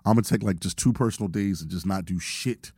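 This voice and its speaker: A man's voice: deep voice, fast talker, darkish tone, slightly rough, dry recording, clean studio sound. A man, hosting a podcast and telling stories in a laid-back, profane way. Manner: laid-back storyteller, swears freely. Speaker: podcast host. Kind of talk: casual profane chat.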